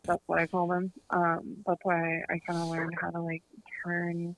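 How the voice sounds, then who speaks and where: Gravelly-voiced young woman, relaxed chat. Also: fairly low pitch, moderate pace, no echo, poor audio. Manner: relaxed, many fillers and likes. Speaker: medium, podcast guest. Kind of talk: casual chat.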